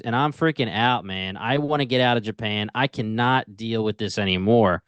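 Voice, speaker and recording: A man co-hosting a casual TV review podcast, retelling scenes in an animated, slangy way. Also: on the low side, normal speed, smooth, no room sound. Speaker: podcast co-host.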